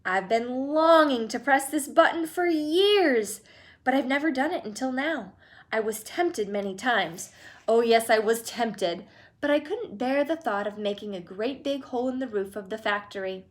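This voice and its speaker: A woman's voice: on the high side, expressive, close to an everyday voice. A woman reading aloud and voicing an exuberant, eccentric male candy-maker who gushes with theatrical enthusiasm. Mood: playful. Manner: gushing, theatrical, fast-shifting enthusiasm.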